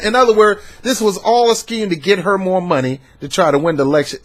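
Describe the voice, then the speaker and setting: Man, slightly high voice, emphatic commentator who repeats his points and talks back at the people he covers. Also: expressive, moderate pace, few pauses. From Southern United States. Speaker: political commentator. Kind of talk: ranting political commentary.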